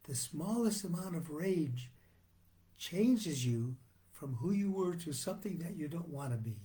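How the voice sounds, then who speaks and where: A rabbi voicing a stern old rebbe. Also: male voice, fairly high pitch, animated, unhurried, mellow. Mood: admonishing. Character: stern elderly male Hasidic rebbe rebuking anger.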